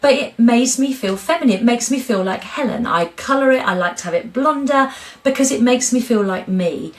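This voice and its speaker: Brief: middle-aged woman, interview guest, candid and animated, slightly high voice. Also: moderate pace. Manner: frank, expressive, animated storyteller.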